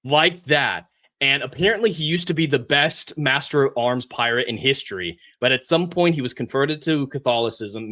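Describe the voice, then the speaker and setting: Bright-voiced man ranting sarcastically. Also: mid-range voice. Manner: sarcastic, ranting storyteller who mimics characters. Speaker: podcast co-host. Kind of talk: casual chat.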